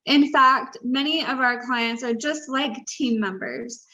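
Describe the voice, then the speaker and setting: A woman co-hosting a casual chat, reading tributes aloud, emotional and quick to laugh. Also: sits high, sharp tone. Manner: emotional, gushing, laughs easily. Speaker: co-host. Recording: dull lo-fi sound.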